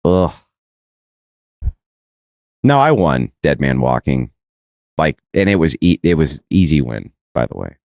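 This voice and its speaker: A man telling a debate story in an animated, mocking way, mimicking his opponent's voice and laughing often. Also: extremely low pitch, normal speed, vocal fry, no echo. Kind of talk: animated anecdote on a podcast clip.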